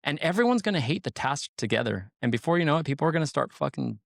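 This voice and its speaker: A man's voice: on the high side, big pitch swings, quick pace, vocal fry, dry recording. A man, a sheriff's deputy, talking in a casual podcast chat, rambling with lots of "like" and "you know" and swearing freely.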